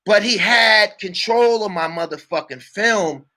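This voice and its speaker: A man telling a heated personal story to his channel, swearing often and shouting when worked up. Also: sits high, unhurried, heavy background noise. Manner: repeats "you dig what I'm saying". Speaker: channel host. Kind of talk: storytelling vlog monologue.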